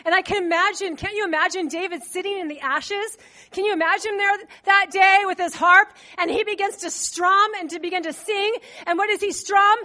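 Very high-voiced woman preaching. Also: steady tone, normal speed, pushed and bright. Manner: conversational, asks the congregation questions; loose with fillers. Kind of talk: sermon.

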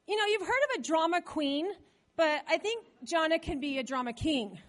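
A middle-aged woman pastor preaching a sermon in a church, dramatic and animated, acting out quoted voices. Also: extremely high pitch, normal speed.

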